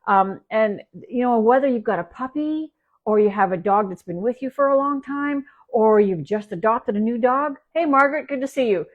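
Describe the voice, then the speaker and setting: A woman's voice: fairly high pitch, lively intonation, moderate pace, phone-quality sound. A woman dog trainer from Canada chats through a live stream from her home. She rambles, restarts her sentences and leans on fillers as she tells a story. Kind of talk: casual livestream talk.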